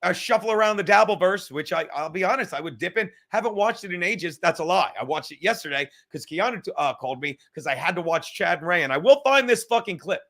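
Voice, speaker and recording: A man's voice: sits high, animated, quick pace, few pauses, bright, forceful tone. A man hosting a livestream podcast in a casual, rambling, profane way, reading chat comments aloud as he goes. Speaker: podcast host.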